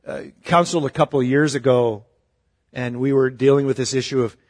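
A male pastor giving a conversational, humorous sermon, with sudden shifts between loud and soft. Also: mid-range voice, fairly even intonation, fairly quick.

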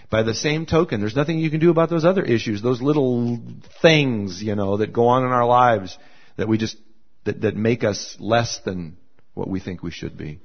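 A male pastor delivering a morning sermon in a relaxed, conversational way. He keeps repeating his phrases and slips into the voices of the people he quotes. His voice sits at a middle pitch, and the recording sounds a little muffled and lo-fi. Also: normal speed. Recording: slightly dull lo-fi sound.

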